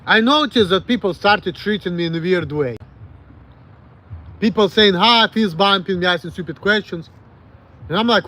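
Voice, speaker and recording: A man's voice: sits high, pushed and bright. A man in his late thirties with a Russian accent, rambling frankly and with plenty of swearing as he answers viewers on a livestream. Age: late 30s. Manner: rambling, frank, profane, halting self-corrections. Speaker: streamer.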